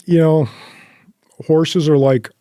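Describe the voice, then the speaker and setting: A man as a podcast guest, telling animated hunting anecdotes with quoted asides and laughs. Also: fairly high pitch, takes it slowly, no room sound, clean studio sound. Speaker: podcast guest, horseback hunter. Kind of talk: casual interview storytelling.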